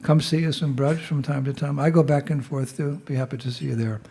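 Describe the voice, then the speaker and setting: A man's voice: mid-range voice, fairly even intonation, brisk, vocal fry, warm tone, slightly rough. A man with a cold, speaking as a visiting monk, telling a chatty story to a temple gathering and leading call-and-response cheers. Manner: chatty storyteller with laughs, calls out jai responses. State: has a cold, clearing his throat. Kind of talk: informal talk to a temple gathering.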